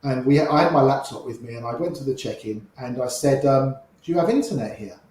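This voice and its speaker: A man's voice: mid-range voice, expressive, a little fast, a little mellow. Chatty older man telling stories, echoey room. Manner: chatty, acts out quoted voices in his tales. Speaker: guest storyteller. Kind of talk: casual anecdote telling.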